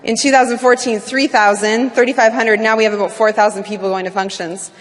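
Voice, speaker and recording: A woman from Canada giving a talk to an audience, animated and full of fillers. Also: on the high side, a little fast. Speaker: business speaker. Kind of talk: speech to an audience. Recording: long hall reverb.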